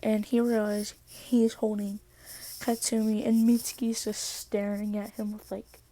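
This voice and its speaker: Woman video creator, hesitant fan-story narrator; slow, mellow, dry. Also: mid-range voice, flat delivery, no room sound. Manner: hesitant, soft-spoken, giggly.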